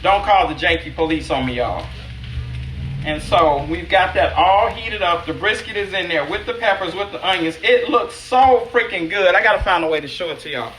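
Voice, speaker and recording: Brisk and lowish-voiced, this middle-aged chef runs a casual live cooking demo from her kitchen, with slight background noise. She addresses viewers by name and pokes fun at herself, her words echoing over a loud sizzling skillet.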